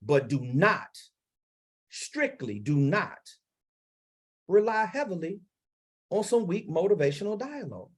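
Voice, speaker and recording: With a husky, high-sitting voice, a very animated Maryland man coaches public speakers on a livestream. He's blunt and emphatic, pausing dramatically and swinging suddenly from soft to loud, all through a lavalier mic.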